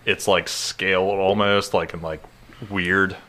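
A man's voice: low voice, level tone, slow, sharp tone. A man playing a tabletop game, rambling through his character's actions with lots of fillers. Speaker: player. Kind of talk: tabletop role-play.

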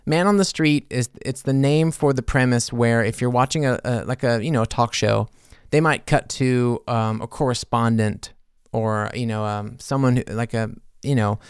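A man's voice: mid-range voice, moderate pace, smooth, dry recording, studio quality. A man hosting a podcast as a musician, rambling casually with many fillers and self-corrections. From United States. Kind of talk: casual chat.

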